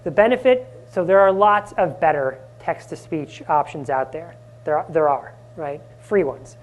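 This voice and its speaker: A man presenting a live conference workshop, energetic and often asking the audience questions. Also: a little high, measured pace, faint music behind. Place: conference room.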